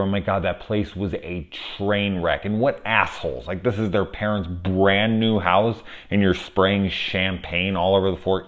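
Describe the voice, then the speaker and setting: A man casually reviewing a horror film on camera, rambling, swearing freely and gushing with enthusiasm. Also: low voice. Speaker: movie reviewer. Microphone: camera setup at home.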